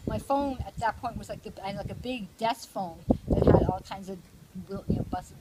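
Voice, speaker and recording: A woman's voice: mid-range voice, brisk. An older woman telling a rambling, profane story in casual chat, laughing often. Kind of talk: casual anecdote. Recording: noisy home recording.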